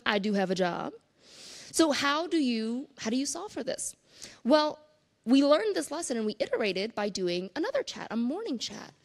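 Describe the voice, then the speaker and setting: High-pitched woman on a conference stage, super animated storytelling, a bit of gravel in her voice. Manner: animated storytelling with playful asides. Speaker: conference speaker. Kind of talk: conference keynote talk.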